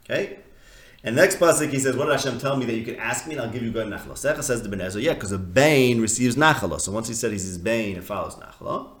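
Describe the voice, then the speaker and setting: A man leads a casual text study class. He keeps posing questions and restarting his sentences as he thinks aloud. His voice sits at an ordinary pitch and carries a noticeable echo from the room. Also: animated, quick pace, a bit bright. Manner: conversational, questioning, full of restarts and fillers. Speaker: Torah teacher. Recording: echoey room.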